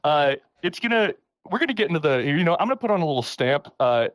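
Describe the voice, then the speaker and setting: With background noise present, a fast-talking man whose voice sits on the high side hosts a casual podcast. He retells a story animatedly, breaking into laughter often and voicing quotes in a raised tone.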